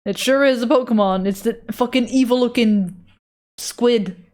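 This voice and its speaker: A woman's voice: fairly high pitch, a little slow, darkish tone. Casual profane woman streamer chatting. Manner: loose and profane, answering chat while drawing. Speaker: art streamer reading chat. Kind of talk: casual live-stream chat.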